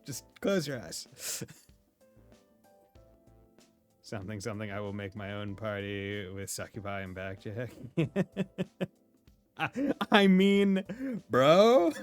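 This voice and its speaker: A young man hosts a game playthrough, joking around, laughing a lot and tossing out casual slang as he comments on the gameplay. His voice sits on the low side and is expressive, and he speaks slowly. It's recorded dry on a close mic, with game music playing faintly underneath.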